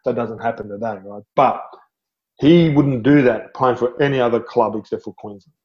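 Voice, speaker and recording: Lively Australian man telling stories. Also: mid-range voice, normal speed, muffled recording. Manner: animated storyteller, laughs often, says "mate". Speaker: guest. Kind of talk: storytelling interview.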